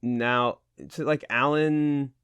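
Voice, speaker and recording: A man's voice: mid-range voice, fairly even intonation, fairly bright tone, clean tone, no room sound, muffled recording. Man, podcast co-host, casual chat, swears a lot, laughs easily, very dry sound. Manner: swearing, quick, laughs often.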